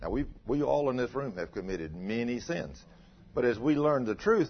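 Preacher, male, husky and animated, conversational sermon on a dull low-fi recording. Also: moderate pace. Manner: conversational preaching, rhetorical questions to the congregation. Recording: dull muffled low-fidelity sound.

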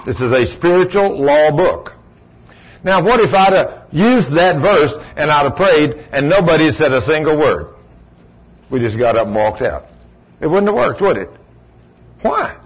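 A man preaching a sermon in a folksy storytelling way, with sudden high exclamations. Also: expressive, normal speed, slightly rough. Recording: dull lo-fi recording.

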